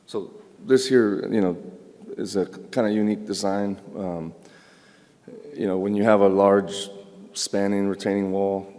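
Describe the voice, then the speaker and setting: A man explains structural engineering work at a conference in a relaxed way, scattering "you know" through his talk. His voice is very deep, dark and flat in pitch. A long hall reverb trails his words. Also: a little slow. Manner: casual, many "you know" fillers. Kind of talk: conference presentation.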